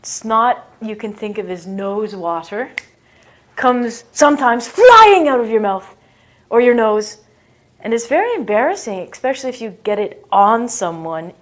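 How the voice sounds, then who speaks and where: A woman's voice: fairly high pitch, sing-song, measured pace. A woman giving a casual English lesson in a playful, self-mocking way, acting out bodily noises as she explains them. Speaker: English teacher.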